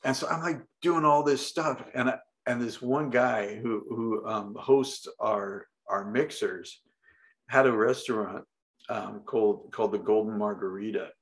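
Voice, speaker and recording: A man's voice: fairly low pitch, steady tone, unhurried. Rambling, filler-heavy middle-aged man. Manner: rambling, full of fillers and restarts, swears casually. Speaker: podcast guest. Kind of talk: casual interview chat.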